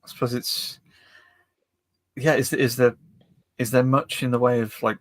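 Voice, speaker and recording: A British man co-hosting a casual podcast, speaking haltingly with restarts and short agreeing replies. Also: mid-range voice, flat delivery, no echo. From United Kingdom. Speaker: podcast co-host.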